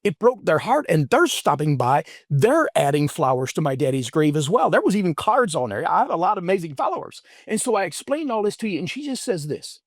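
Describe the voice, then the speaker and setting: A middle-aged man appearing as an interview guest shares a personal story earnestly and from the heart, frequently halting and restarting sentences. His voice is high with wide pitch swings, recorded in studio quality with no echo.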